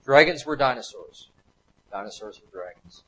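A man's voice: mid-range voice, expressive, normal speed, bright, forceful tone, slightly rough, rough recording. Man, lecturer, slide talk to an audience, emphatic, repeats himself, mid-range voice. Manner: emphatic, repeats points over and over.

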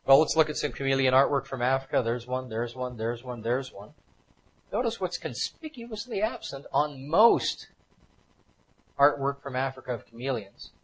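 A man lectures to a live audience through a series of slides, hammering home each point by repeating it. His voice sits in an ordinary middle pitch, and his delivery is emphatic and insistent. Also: expressive, moderate pace, husky, poor audio.

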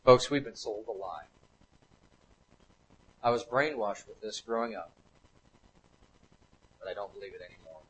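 A man's voice: fairly low pitch, unhurried, long pauses, a bit bright, husky, rough recording. A man giving a slide lecture to a live audience, talking emphatically and repeating his points over and over.

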